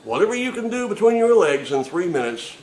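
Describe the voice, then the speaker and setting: A man's voice: high-pitched, sing-song, brisk, a little mellow, a little hiss or hum. Man ranting profanely in an echoey room. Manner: sarcastic, emphatic, swearing. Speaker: comedian. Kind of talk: profane comedic rant.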